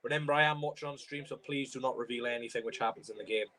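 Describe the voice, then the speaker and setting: A young Welshman with a tickly cough and sore throat chats very fast in a medium-pitched voice while watching a football stream at home. Doing live match commentary, he reacts loudly to chances and chants along to songs.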